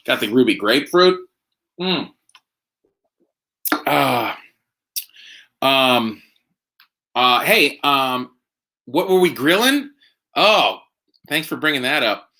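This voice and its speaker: A man hosting a casual live stream from home, rambling and excitable as he chats and drinks. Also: medium pitch, slow pace, pauses often. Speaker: host. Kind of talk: casual livestream chat.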